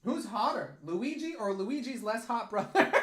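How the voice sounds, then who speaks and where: Young artist streaming, answers chat, goofy tangents, mid-pitched voice. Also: fairly bright tone. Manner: rambling, playful, jokey asides. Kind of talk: casual livestream chat, answering viewer questions.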